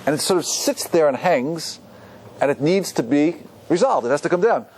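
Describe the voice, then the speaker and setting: A rabbi giving a lively Torah class to an audience, often asking them questions. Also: male voice, a little high, normal speed. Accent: Ashkenazi Hebrew pronunciation.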